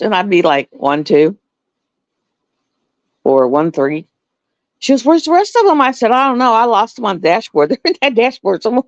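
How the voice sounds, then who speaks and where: A middle-aged woman chatting casually to viewers, animated and laughing often. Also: on the high side, no room sound, highs cut off. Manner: animated storytelling, laughs often, swings between voices. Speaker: live stream host.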